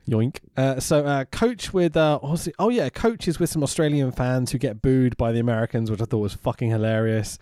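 A man casually co-hosting a podcast, excitable and sweary, laughing often as he recaps. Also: mid-range voice, moderate pace, dry recording, clean studio sound. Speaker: podcast co-host recapping wrestling. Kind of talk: casual chat.

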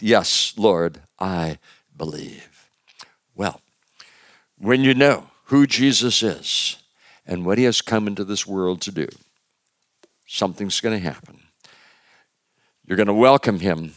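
A male pastor preaching a conversational sermon with joking asides, swinging from loud emphasis to hushed words. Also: on the low side, no echo.

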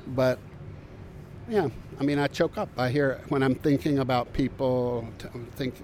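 An older man talks slowly through his memories in a reflective interview, pausing often and restarting his sentences. His voice sits at an ordinary middle pitch. Faint background noise hums behind him in an outdoor courtyard. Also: fairly even intonation, darkish tone. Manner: thoughtful, halting, with many fillers and restarts. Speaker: interviewee recalling community work.

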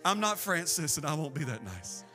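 A man preaching a sermon as pastor, swinging between emphatic bursts and slow, drawn-out phrases. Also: on the high side, very animated. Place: church sanctuary with a band. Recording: long hall reverb with faint band music.

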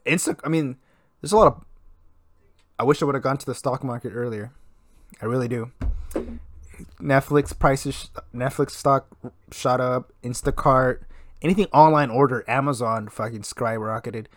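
A man co-hosting a podcast, chatting casually in a profane, animated way and telling stories. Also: medium pitch, normal speed, long pauses, no room sound, clean studio sound. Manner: profane, animated storytelling with laughs. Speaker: podcast co-host. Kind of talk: casual chat.

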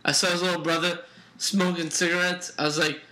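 A man's voice: high-pitched, level tone, fairly quick, pushed and bright. A young man co-hosting a casual podcast, telling stories in a laid-back way full of fillers, in a roomy, echoey room. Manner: laid-back storytelling with frequent fillers and laughs. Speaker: podcast co-host. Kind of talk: casual chat.

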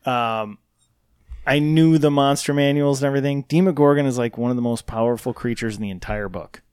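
A man's voice: medium pitch, brisk, a little mellow, clean tone, dry recording, clean studio sound. Man praat bot en zelfspottend. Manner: blunt, self-mocking nerd. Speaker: podcast co-host. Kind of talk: casual chat.

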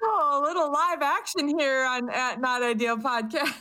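A woman co-hosting a podcast with her daughter in casual chat, brisk and encouraging, urging her to send a message. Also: sits high, fairly even intonation, bright, forceful tone. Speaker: podcast co-host, mother.

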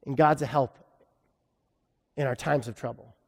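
A man's voice: medium pitch, steady tone, moderate pace, vocal fry, long reverb tail. A man preaching a sermon in a conversational way, with self-deprecating humor. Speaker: pastor.

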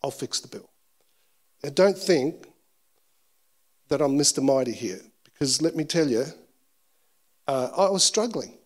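A male pastor preaching a sermon at a church service, telling a personal story in an animated, self-deprecating way. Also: fairly high pitch, a little slow, long pauses.

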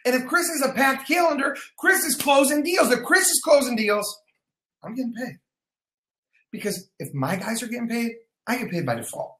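A man with a very high voice talks at a moderate pace, and the sound is reverberant. Leading a sales team, he streams an energetic pep talk from his phone, saying points more than once for emphasis, dropping casual swears, and naming viewers as he greets them.

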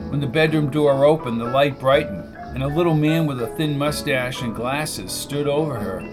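A man narrating a novel in a steady, measured reading voice. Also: medium pitch, over music. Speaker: audiobook narrator. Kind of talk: scripted narration.

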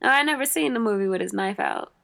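Podcast co-host: young woman, bright voice, playful and jokey, casual slang. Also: mid-range voice, lively intonation, fast, vocal fry. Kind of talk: casual chat.

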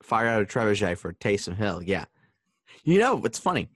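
A man co-hosting a casual fantasy football chat, giving numbers and making dry, deadpan jokes. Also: fairly low pitch, moderate pace, no room sound. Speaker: podcast co-host.

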